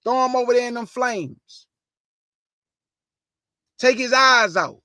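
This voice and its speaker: A strikingly high-voiced man who hosts an online show preaches with fired-up emphasis, though he takes it slowly and his tone is sharp. Slangy and casual, he repeats points, poses rhetorical questions and keeps addressing listeners as family, in dry sound with no room echo.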